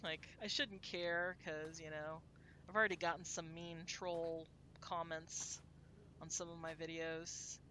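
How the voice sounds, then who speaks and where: A woman's voice: low-pitched, level tone, unhurried, sharp tone, slight background noise. A woman from Texas, chatting casually to her viewers while she plays a game, rambling and laughing often. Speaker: game streamer.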